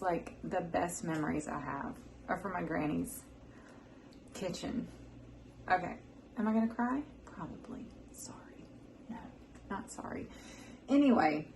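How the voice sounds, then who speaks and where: A young woman, chatting warmly and rambling as she hosts a home cooking vlog, sometimes dropping into soft murmurs. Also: mid-range voice, slight background noise, low-quality recording. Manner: folksy and rambling, drifts into soft emotional murmurs. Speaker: cooking channel host. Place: home kitchen.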